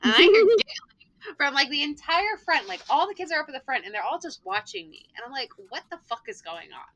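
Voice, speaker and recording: A woman who teaches school, telling a lively anecdote in casual chat, full of "like" fillers. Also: high voice, fairly quick, lo-fi sound. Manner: animated storyteller, many "like" fillers. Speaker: teacher and tabletop game player.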